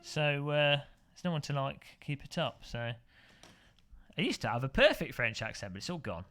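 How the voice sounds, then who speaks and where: A man's voice: on the high side, animated, normal speed, a bit bright. A man from England, chatting casually on a sim racing live stream, rambling and joking as he corrects himself.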